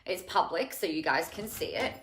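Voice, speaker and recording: Woman, from Australia, live-stream host, rambling casual chat, bright tense voice, echoey room. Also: on the low side, expressive, normal speed, a little hiss or hum. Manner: chatty, rambling, greets viewers by name. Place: home room with cats.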